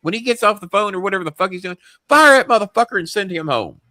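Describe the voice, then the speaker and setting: A man doing a livid middle-aged boss barking down the phone, voice jumped way up high and cutting, swearing in a loud rant, hurling every order with heat, with the close dry sound of a studio mic. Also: fairly even intonation, very fast, no echo. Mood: furious. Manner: profane screaming rant. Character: furious middle-aged male wrestling boss yelling on phone.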